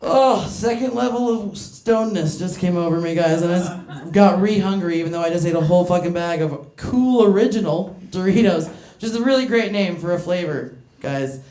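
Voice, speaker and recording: An American woman doing stand-up teases people in the seats with brash, crude, self-mocking jokes, often breaking into laughter herself. Her voice is on the low side with a dark tone, a moderate pace, and a growing hoarseness. The stage mic picks up a roomy, echoing club sound.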